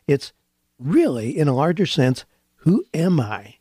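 A man's voice: on the high side, very animated, brisk, darkish tone, husky, no room sound, soft background music. Male radio host telling a story, chatty, dry close mic. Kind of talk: storytelling and casual radio talk.

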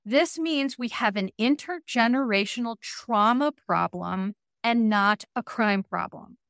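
Earnest higher-voiced woman therapist. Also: unhurried, fairly bright tone, clean tone, no echo, clean studio sound. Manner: earnest, emphatic, reassuring. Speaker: therapist guest. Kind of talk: podcast conversation.

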